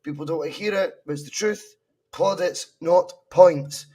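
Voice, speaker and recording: A man's voice: on the high side, moderate pace, dark tone, breathy edge. A Scottish man in a casual football podcast chat, blunt and opinionated, swearing freely. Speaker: podcast co-host.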